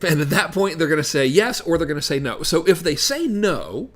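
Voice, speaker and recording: A man's voice: fairly high pitch, big pitch swings, a little fast, a bit bright. A man coaching on sales in a casual, instructional way, acting out parts of his calls as he explains. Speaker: business coach.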